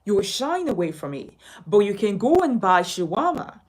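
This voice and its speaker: Nigerian woman, communication coach; animated pitch, emphatic, pushy, repeats herself for effect. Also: moderate pace, low-quality recording. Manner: emphatic, persuasive, repeats her points. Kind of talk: direct-to-camera class promotion.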